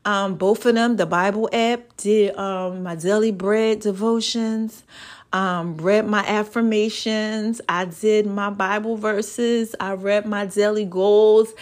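A woman's voice: medium pitch, steady tone, slow. A tired woman hosting a podcast, rambling in casual chat and urging her listeners on like a preacher. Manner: rambling, folksy, exhorting. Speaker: podcast host.

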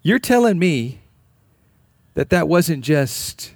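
A man's voice: fairly high pitch, big pitch swings, slow pace, no room sound. A man preaching a sermon in an earnest, emphatic way, repeating key phrases. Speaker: pastor.

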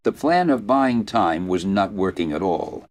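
A male audiobook narrator with a fairly low voice, reading fantasy fiction. He tells the story in a steady, even manner. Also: measured pace. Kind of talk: scripted narration.

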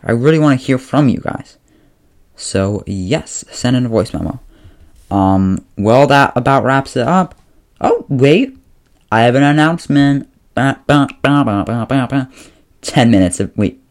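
A man hosting his own podcast talks casually and at length, often doubling back to correct himself. He turns playful and coaxing when he speaks straight to his listeners. His voice sits at an everyday middle pitch. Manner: rambling, often correcting himself mid-sentence; playful, pleading directly with listeners. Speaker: podcast host. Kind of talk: casual solo podcast chat.

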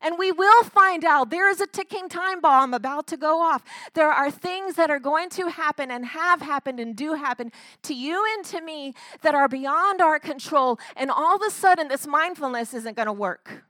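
Woman giving a devotional talk, earnest, kinda high voice, dry close sound. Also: moderate pace, few pauses, sharp tone, no echo. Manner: earnest, storytelling, frequent restarts. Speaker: Christian speaker.

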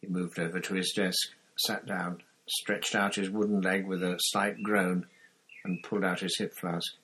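Casting: low, husky male narrator, steady audiobook reading. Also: measured pace, poor audio. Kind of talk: scripted narration.

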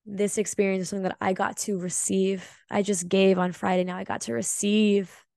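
A woman hosting a reflective podcast monologue, speaking in a heartfelt, emphatic way and now and then swearing for weight. Her voice sits at an ordinary middle pitch for a woman. It is recorded dry and close, with no room echo. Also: flat delivery, fairly quick, creaky, darkish tone. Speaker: podcast host.

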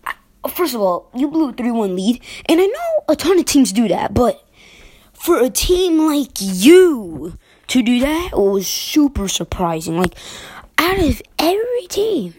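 Young female vlogger, unhurried delivery, rambling exasperated sports rant. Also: sits high, darkish tone, husky. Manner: rambling, exasperated, self-interrupting with fillers and laughs. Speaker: basketball vlogger. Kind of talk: casual sports commentary vlog.

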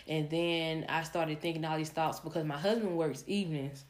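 A woman's voice: sits low, fairly even intonation, normal speed. A young adult woman hosting a podcast, telling a candid personal story in a rambling way with many fillers and restarts. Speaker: podcast host.

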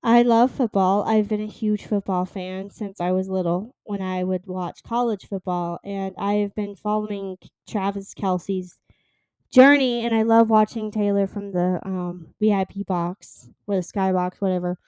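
A podcast host in her twenties chats on her solo show, rambling loosely and filling pauses with "um" and "like." Her mid-range voice is smooth, mellow and steady, a little slow, and the close mic leaves it dry with no echo or room sound.

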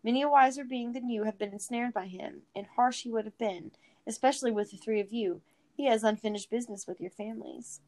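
A woman's voice: fairly high pitch, fairly quick, darkish tone, close to an everyday voice. A woman voicing a merry old male forest spirit who plays host, with a sing-song, old-fashioned, kindly way of talking. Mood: merry, gentle.

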